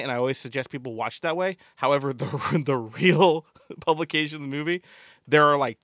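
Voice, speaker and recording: In studio-quality audio with no room sound, a podcast co-host with a mid-range, slightly bright voice chats casually. He rambles, stacking up fillers and starting over often.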